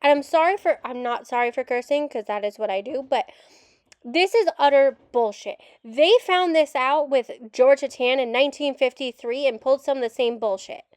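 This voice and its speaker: A woman's voice: high-pitched, moderate pace, no echo. A woman adoptee commentator reacting to a documentary, ranting in frustration and swearing openly. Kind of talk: reaction rant video.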